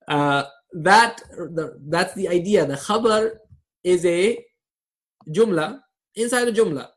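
A man's voice: on the high side, measured pace, long pauses. A man teaching a live online grammar class over a video call, quizzing his students and laughing at his own jokes.

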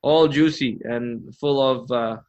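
A man's voice: mid-range voice, takes it slowly, a little mellow. A man teaching Arabic grammar in a live lesson, patient and encouraging, drilling terms aloud. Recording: muffled lo-fi audio.

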